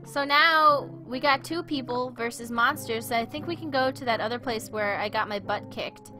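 A woman's voice: on the high side, moderate pace, sharp tone, soft background music. A woman streaming a game, rambling through awkward, self-deprecating commentary. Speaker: let's play streamer.

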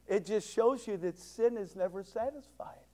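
A man preaching a sermon in a strikingly high voice. He swings from ringing, emphatic declarations to hushed asides that pull the congregation in. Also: moderate pace. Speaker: pastor.

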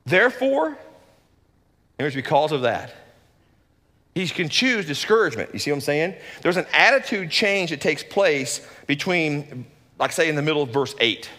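A man, a lead pastor, giving a conversational sermon in an animated, folksy way with joking asides. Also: on the high side, unhurried, big-room sound.

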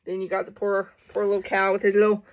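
A woman's voice: mid-range voice, monotone, fast talker, dull audio. A woman casually reading a children's picture book aloud, playful, with jokey asides and animal noises.

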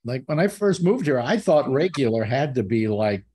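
A man hosting a casual group chat, teasing his guests and telling stories with lively energy. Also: medium pitch, moderate pace, husky. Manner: teasing, animated storyteller. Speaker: host.

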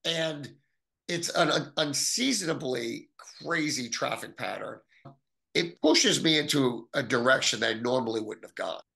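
Gravelly, bright-toned man telling his story. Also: measured pace. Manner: animated, acts out quoted voices with big pitch jumps. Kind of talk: storytelling in an interview.

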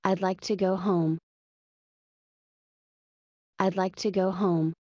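Slow, careful woman reading phrases. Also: lowish voice, steady tone, a little mellow, no echo, lo-fi sound. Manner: careful, clearly enunciated, each phrase said twice. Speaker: English phrase reader.

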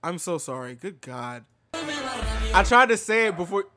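A man's voice: sits high, big pitch swings, a little slow, music in the background. A man streamer casually reacting to video clips, laughing often, swearing freely and fumbling names.

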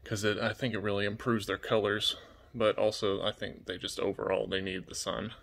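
A man talks softly to his pet birds and his viewers at home, in a relaxed and gentle way. His voice sits a little low but comes out bright and forceful. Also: brisk, creaky. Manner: gentle, soft-spoken, cooing to birds. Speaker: vlogger, toucan keeper. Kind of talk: casual vlog talk to pets and viewers.

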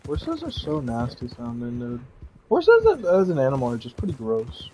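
A young man giving casual gameplay commentary, profane and animated, ranting with mock outrage. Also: medium pitch, normal speed, slight background noise. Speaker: gamer streamer.

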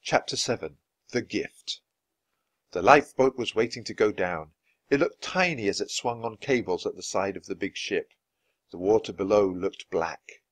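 A man reading a children's book aloud, clear and expressive, at an easy pace for learners. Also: lowish voice, normal speed, no echo. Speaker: storybook reader.

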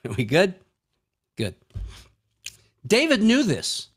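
A man preaching a sermon with a fairly high voice. He jokes with his listeners and acts out casual street conversations in a folksy way. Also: wildly swooping pitch, takes it slowly, husky. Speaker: pastor.

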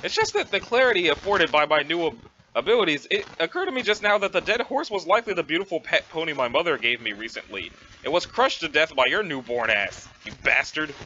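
Dude doing a calm dry teen girl, low and deadpan, bright tone, kinda dull lo-fi. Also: quick pace, a little hiss or hum.

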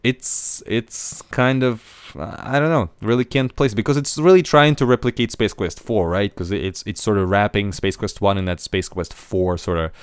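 A man's voice: lowish voice, fairly even intonation, normal speed, hardly any pauses, clean tone, dry recording. A man hosting a casual podcast discussion, talking with many fillers and restarts. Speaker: podcast host.

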